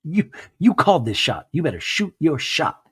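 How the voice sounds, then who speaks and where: A man puts on a haughty woman who is deeply offended and lets everyone know it. Her voice is pitched a little high and slightly husky, with clipped, scolding lines delivered in a dry, close sound. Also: sing-song, normal speed, fairly bright tone, no room sound, heavily acted. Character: indignant, haughty woman reality star.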